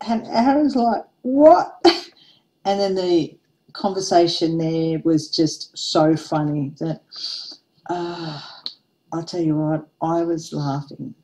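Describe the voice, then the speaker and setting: A chatty woman in her forties tells a story while working on a craft project. She laughs often and keeps an easy, rambling pace. Her voice sits a little low, with a warm, mellow tone. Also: fairly even intonation, takes it slowly, poor audio. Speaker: craft vlogger.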